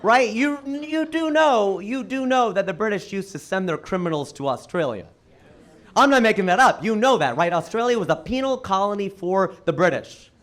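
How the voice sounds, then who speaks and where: An American man doing a stand-up set, telling stories with animated, punchy delivery and big emphatic swings. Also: sits high, normal speed. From United States. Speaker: stand-up comedian.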